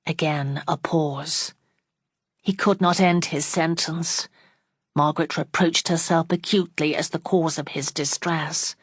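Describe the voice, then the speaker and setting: A woman narrating a classic novel audiobook in a steady, unhurried reading on a close mic. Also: deep voice, breathy edge, no room sound.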